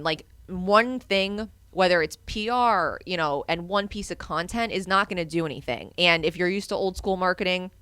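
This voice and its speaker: A young woman with a low, smooth voice co-hosts a casual marketing podcast. She talks in an animated, earnest way, full of casual fillers. The sound is close and dry, with no room around her. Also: no echo. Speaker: co-host.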